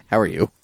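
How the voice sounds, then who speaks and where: A man hosting a podcast in casual chat, laughing often and teasing his co-host. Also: no room sound.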